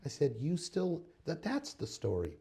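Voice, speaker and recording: A man with a dark, mellow voice and a gravelly fry gives a motivational talk. He retells advice he once gave, pressing the same points again and again in an earnest, insistent way. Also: on the high side, wildly swooping pitch, measured pace. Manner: earnest, insistent, repetitive phrasing. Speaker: motivational speaker. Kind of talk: retelling a conversation as a life lesson.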